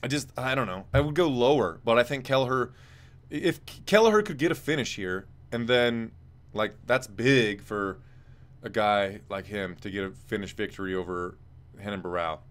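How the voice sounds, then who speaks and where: A man's voice: fairly low pitch, moderate pace, a bit bright. A man co-hosting a fight preview show in casual chat, rambling and blunt, and he swears freely. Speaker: co-host rating fights.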